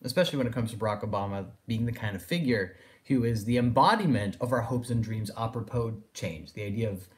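A man's voice: fairly low pitch, fast, few pauses. A man giving a philosophy lecture, thinking aloud and circling his points with phrases like "in a sense". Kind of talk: recorded lecture.

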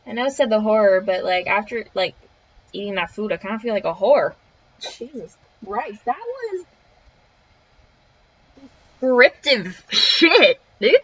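A young woman streams a game in a mid-range, fairly bright voice, reading its text aloud and reacting with jittery, foul-mouthed commentary. She's very animated but keeps a measured pace with long pauses, swearing freely and spooking easily. The audio is crunchy and lo-fi.

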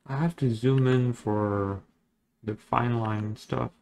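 Man, digital artist, casual drawing commentary, self-deprecating, easy middle pitch. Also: steady tone, slow pace, creaky, darkish tone, slight background noise. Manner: rambling, joking and self-deprecating.

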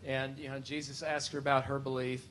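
A worship pastor preaching a conversational, emphatic sermon full of rhetorical questions. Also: male voice, medium pitch, flat delivery, brisk, a little hiss or hum. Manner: emphatic, shifts to loud pleading when voicing Martha.

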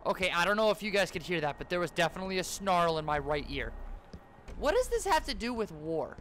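A man's voice: high-pitched, very animated, fast, a bit bright, slight background noise. A man giving casual, joking commentary while playing a horror game, with jumpy exclamations. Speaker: gaming YouTuber.

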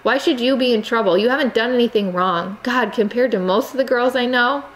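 An exasperated American teenage boy, earnest and insistent, his voice climbing as he pleads. A woman reads him aloud in a storybook narration. The tone stays close to an everyday voice, lifted a little higher. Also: a little fast, close to an everyday voice, low-quality recording. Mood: pleading.

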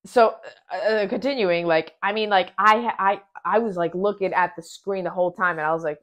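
A woman giving a casual spoiler review of a film, talking in an excitable, rambling way and often restarting her sentences. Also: mid-range voice, normal speed, lo-fi sound.

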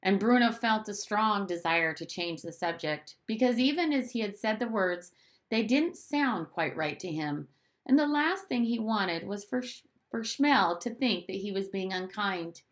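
A woman teacher reading a storybook aloud with expressive narration. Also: mid-range voice, a little slow.

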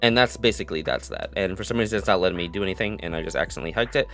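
A young man giving live commentary on his own football video game, muttering plays, then yelling and gloating in a sing-song voice. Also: low-pitched, rapid-fire, creaky, faint music behind. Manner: excitable, swings from mutters to yelling. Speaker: gaming commentator.

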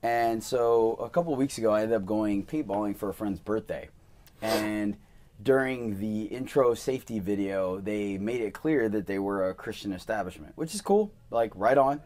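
A man's voice: fairly low pitch, moderate pace, slight background noise. Chatty young man telling stories. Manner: animated storyteller, acts out quoted voices. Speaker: podcast host and male dancer. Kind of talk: casual storytelling interview.

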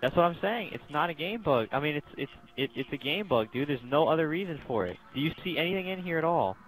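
A man's voice: a little high, animated, fast talker, low-quality recording. A young man casually commentating a co-op game, swearing and laughing a lot. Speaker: gameplay commentator. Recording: game music behind. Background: game music and sounds.

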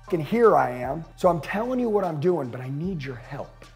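A man's voice: on the high side, big pitch swings, brisk, soft background music. A man giving a profane, intense motivational talk as a sales coach to an audience.

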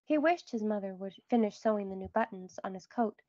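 A woman reading a children's book aloud in a clear, expressive storytelling voice. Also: mid-range voice, a little fast, no room sound, dull audio. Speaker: read-aloud narrator.

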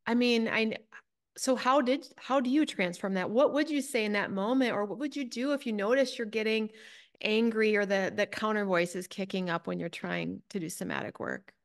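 A woman hosts an interview in a lively, chatty way. She laughs easily and sometimes plays out her own reactions, and her voice sits at an ordinary middle pitch. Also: moderate pace. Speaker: podcast host. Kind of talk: conversational interview.

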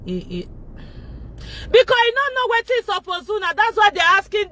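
A Nigerian woman vlogging loudly from inside a car, shouting and laughing as she rants in a casual pidgin-mixed style. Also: very high voice, huge pitch swings, moderate pace. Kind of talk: loud casual vlog rant.

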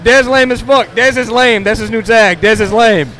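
A man's voice: very high voice, moderate pace, fairly bright tone, some chatter behind. A man roasting another player on a stream, teasing and mocking.

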